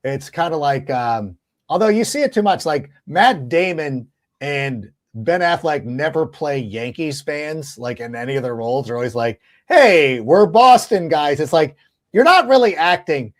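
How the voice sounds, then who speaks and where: A man hosting a sports podcast, talking casually in a lively, rambling way with restarts. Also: a little high, normal speed. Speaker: podcast host.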